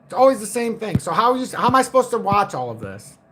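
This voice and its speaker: Blunt, profane high-voiced man ranting. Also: big pitch swings, fast talker, fairly bright tone, slight background noise. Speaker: crypto market livestream host. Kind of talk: casual livestream rant.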